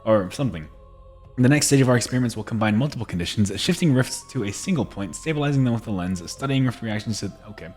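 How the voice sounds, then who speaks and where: Faint music sits behind this gameplay streamer, whose mid-range voice is animated, quick and a little mellow. He keeps up chatty commentary, reads in-game notes out loud, and often laughs and restarts.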